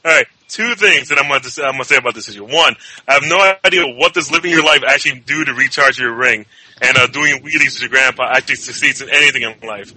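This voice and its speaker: A man's voice: medium pitch, quick pace, bright, forceful tone, husky, no room sound, rough recording. A man co-hosting a casual comic book chat, rambling and puzzled, often repeating himself. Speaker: podcast co-host.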